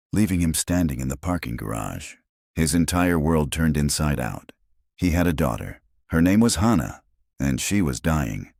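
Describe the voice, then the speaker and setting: A man narrating a scripted drama story with a measured, dramatic delivery into a close mic. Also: very deep voice, darkish tone, dry recording.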